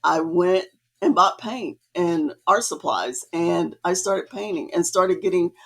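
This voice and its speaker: A woman guest telling her story in a casual interview, chatty and lively, acting out remembered conversations. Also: unhurried, creaky. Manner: chatty, acts out quoted dialogue with rising pitch. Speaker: guest artist.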